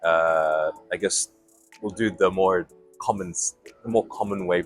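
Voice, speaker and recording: A man, a company chief, talking in a relaxed, thoughtful way as a guest in an interview. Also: sits low, faint music behind. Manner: thoughtful, reflective, with pauses and restarts. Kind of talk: casual interview chat.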